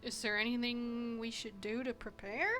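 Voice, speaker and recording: A woman playing a tabletop game, chatting in a giggly, animated way. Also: a little high, moderate pace. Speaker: player. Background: faint music.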